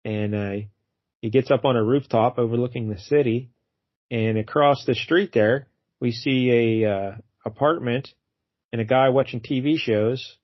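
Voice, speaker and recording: A man's voice: medium pitch, steady tone, unhurried, no room sound, dull audio. Laid-back man recapping a comic. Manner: laid-back, laughs often, recaps the story. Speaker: podcast co-host. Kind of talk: casual comic book review chat.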